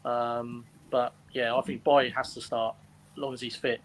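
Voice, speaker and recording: A man's voice: mid-range voice, little pitch movement, normal speed, rough recording. A man with a Southern English accent on a fan podcast panel, speaking in a casual, eager way. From Southern England.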